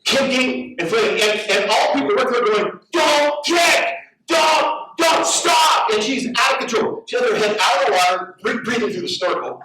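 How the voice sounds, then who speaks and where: A middle-aged male pastor telling a story in a sermon, animated and prone to repeating words as he acts out the people in it. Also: high-pitched, brisk, few pauses, far from the mic, a crowd in the background. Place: large church hall. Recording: very echoey hall, heard from afar.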